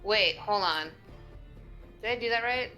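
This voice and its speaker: A woman's voice: medium pitch, unhurried, sharp tone, soft background music, poor audio. A woman in casual tabletop play who chats and asks about the rules. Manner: chatty, asks rules questions. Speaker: player.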